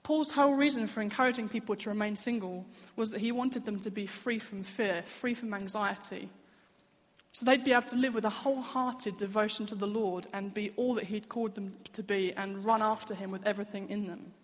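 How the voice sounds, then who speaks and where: A woman's voice: medium pitch, steady tone, fairly quick, long reverb tail. A woman giving an earnest, personal sermon in a church. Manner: earnest, candid, personal storytelling. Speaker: church speaker.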